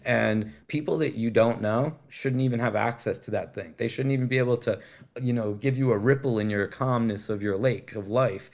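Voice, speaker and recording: A man's voice: mid-range voice, normal speed, a little mellow. A middle-aged man telling long stories in casual conversation, rambling and cursing freely. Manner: rambling, profane, laid-back storytelling. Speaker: guest.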